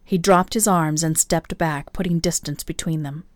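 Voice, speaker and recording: A woman narrates a romance novel in a steady, measured read. Her voice sits on the lower side for a woman. The recording is dry and close, with no room sound. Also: no echo. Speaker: audiobook narrator.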